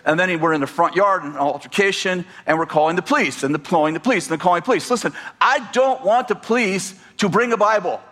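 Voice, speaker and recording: A man preaching a sermon, animated and joking as he tells stories to his congregation. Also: sits high, quick pace, few pauses. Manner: animated, storytelling with humor and asides. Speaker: pastor.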